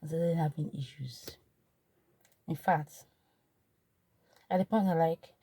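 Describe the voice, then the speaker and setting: Husky low-voiced Nigerian woman. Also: unhurried, pauses often, no room sound. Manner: emotional, repetitive, shifts from animated to hushed. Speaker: vlogger. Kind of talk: personal testimony.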